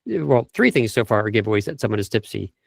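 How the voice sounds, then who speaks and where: A man's voice: on the low side, sing-song, fast talker, gravelly, breathy edge, dry recording. Man coaching on voice, dry close sound. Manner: explanatory, lists tips, demonstrates speech habits. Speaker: vocal coach guest. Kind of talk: interview over video call. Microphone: video call.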